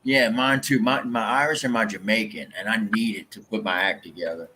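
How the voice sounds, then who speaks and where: A man's voice: fairly low pitch, normal speed, bright, forceful tone. A man in casual, profane banter, hosting a chat. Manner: profane, laid-back banter. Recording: faint background noise.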